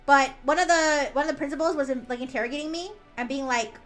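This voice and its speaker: Woman streamer, high bright voice, rambles and swears, faint music behind. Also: fast. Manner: rambling, swears freely, restarts often. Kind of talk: casual storytelling.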